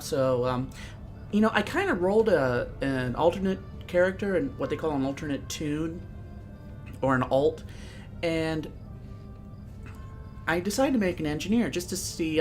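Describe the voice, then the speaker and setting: A let's-play host giving casual, rambling gameplay commentary, chatty and self-deprecating. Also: medium pitch.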